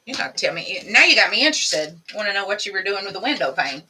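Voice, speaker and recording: A woman's voice: mid-range voice, very animated, quick pace, sharp tone, distant mic, slight background noise, rough recording. A woman hosting a live crafting demonstration, chatting with viewers as she works. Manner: chatty, talks to viewers while working. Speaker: craft tutorial host.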